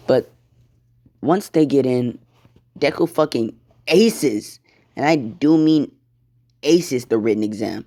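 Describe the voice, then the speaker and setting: A man's voice: medium pitch, lively intonation, slow, pauses often, warm tone. A man casually narrating an improvised fan story, swearing often and acting out the lines. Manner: casual, swears a lot, acts out quotes.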